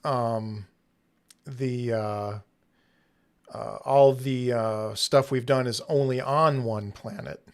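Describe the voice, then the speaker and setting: A man hosting a podcast in casual chat, laughing often and pausing with many ums. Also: mid-range voice, fairly even intonation. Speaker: podcast host.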